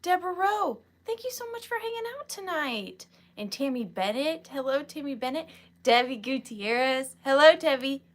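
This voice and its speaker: A woman's voice: high-pitched, lively intonation, normal speed. A woman, hosting a casual live sale stream from home, playful and giggly, greeting viewers by name.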